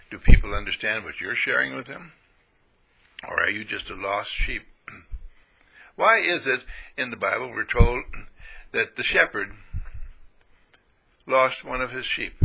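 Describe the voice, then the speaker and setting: A man preaches a folksy spiritual sermon in an animated, playful style, swooping into high voices for the sheep and other characters. His voice is slightly rough and the audio quality is poor.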